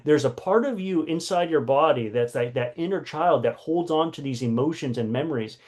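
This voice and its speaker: Man with a fairly high voice, teaching. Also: a little fast, darkish tone. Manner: conversational, with many fillers and acted-out quotes. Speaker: workshop teacher and coach. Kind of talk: personal storytelling in a lesson.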